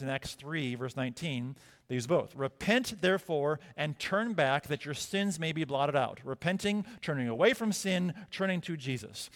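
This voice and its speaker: A man's voice: fairly high pitch, fairly bright tone. A male pastor delivering a sermon, conversational and emphatic, asking rhetorical questions. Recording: long reverb of a church hall.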